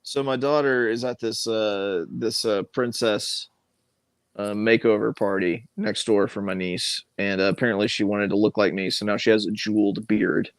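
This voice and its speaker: A man's voice: on the low side, steady tone, moderate pace, no room sound, clean studio sound. A man hosting a casual livestream from his home garage, joking and laughing through banter while watching a football game. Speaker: livestream host.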